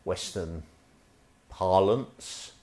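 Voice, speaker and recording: A man leading an online tai chi stretching class, calm and gentle with wry asides. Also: sits low, drawn-out words. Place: indoors at home, live stream.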